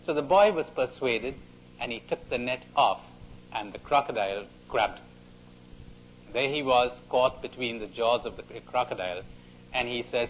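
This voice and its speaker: Animated male storyteller, dull cassette. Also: mid-range voice, normal speed. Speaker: speaker at a retreat conference. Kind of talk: spiritual talk with storytelling. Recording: dull, faintly hissy 1980s cassette tape.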